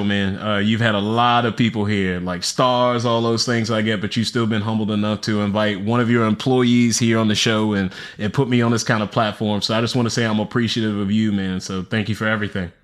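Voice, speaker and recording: A man's voice: lowish voice, fairly even intonation, fairly quick, hardly any pauses, fairly bright tone. A man guesting on a podcast, talking in laid-back, slangy casual chat, full of "bro" and "man". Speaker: podcast guest, sales director.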